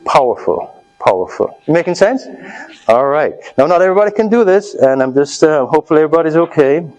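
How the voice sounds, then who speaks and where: A man with a slightly high voice leading a live health workshop. He talks the room through an exercise step by step and keeps checking that everyone is following. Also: fast, rough recording. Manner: coaching, urging the audience on loudly. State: out of breath. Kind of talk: live seminar talk with group exercise.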